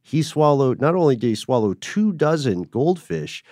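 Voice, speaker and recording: A podcast co-host chats casually, tossing in wry, joking asides. His mid-range, slightly mellow voice swings widely in pitch at a moderate pace, recorded cleanly in a studio with no room sound.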